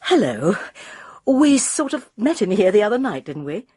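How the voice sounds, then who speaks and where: A tactful, tentative middle-aged woman who asks carefully, played by a woman reader. Her slightly husky voice moves up and down a lot. It is close and dry. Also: medium pitch, very animated, moderate pace, dark tone, dry recording, pitched above the performer's own voice.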